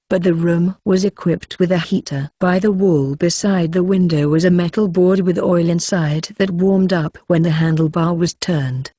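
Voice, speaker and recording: Low, mellow woman narrating a story. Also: slightly rough, dry recording, studio quality. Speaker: audiobook narrator. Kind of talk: scripted narration.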